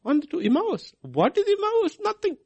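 A man's voice: very high-pitched, wildly swooping pitch, moderate pace, creaky, a little mellow. A man preaching a sermon, asking his listeners questions and answering them himself.

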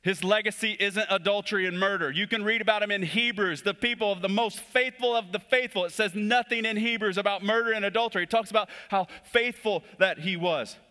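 A pastor delivering a sermon in a church, moving from quick urgent lines to slow hushed emphasis. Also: male voice, high-pitched. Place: church sanctuary.

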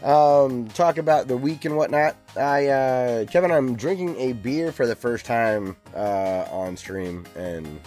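A man's voice: mid-range voice, takes it slowly, few pauses, darkish tone, faint music behind. A man hosting a video game podcast in casual chat, rambling with lots of ums and uhs. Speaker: podcast host.

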